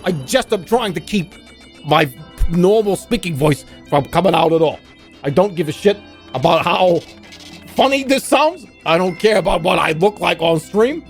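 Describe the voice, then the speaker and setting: A squeaky, wildly swooping silly voice, as a man puts it on on a game stream. The delivery is strained and clenched, as if it is barely holding a fake voice in place. Faint game music plays behind. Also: big pitch swings, moderate pace. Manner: strained, straining to hide his normal voice.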